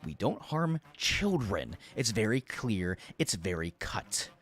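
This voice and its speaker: Man doing a blustering syndicate boss in a tabletop game, low voice, commanding, slow for emphasis. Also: big pitch swings, fairly bright tone, soft background music, exaggerated voice. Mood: stern. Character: tall hot-tempered male crime syndicate boss.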